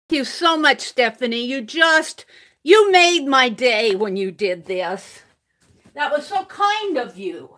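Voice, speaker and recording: A woman's voice: sits high, big pitch swings, unhurried, sharp tone. An older woman live-streaming her crafting, chatting casually, reading viewers' comments aloud and laughing often. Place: home craft room.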